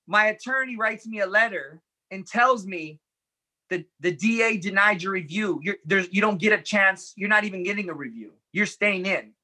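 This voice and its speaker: A man's voice: sits high, normal speed, pushed and bright. A man telling his life story as an interview guest, earnestly and animatedly, acting out the dialogue as he recounts it. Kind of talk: personal storytelling in conversation.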